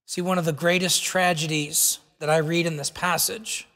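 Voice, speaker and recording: A man preaching a sermon as pastor, earnest and slowing down to stress key words. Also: fairly high pitch, flat delivery, a bit bright. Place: church sanctuary. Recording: long reverb of a church hall.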